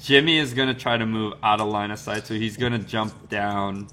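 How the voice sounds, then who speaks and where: Low-voiced man running a tabletop game. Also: steady tone, normal speed, pushed and bright, a little hiss or hum, poor audio. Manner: casual, rambling, chuckling. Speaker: game master.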